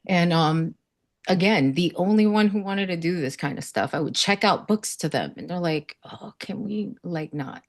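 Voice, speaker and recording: A woman with a fairly low, expressive voice speaks at normal speed. As a South Florida panelist at a summit, she talks casually, offering earnest stories of faith and acting out the voices of others.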